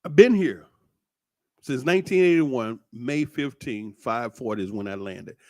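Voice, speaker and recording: A middle-aged man, talking in a casual, preachy monologue that is animated and full of swearing. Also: mid-range voice, unhurried, no echo, clean studio sound. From United States. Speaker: commentator.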